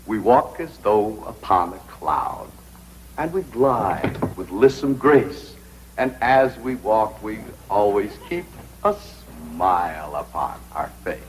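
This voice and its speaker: A man's voice: lowish voice, very animated, slow, slight background noise, low-quality recording. An actor playing a pompous, lovestruck young society man in a 1960s sitcom, declaiming grandly.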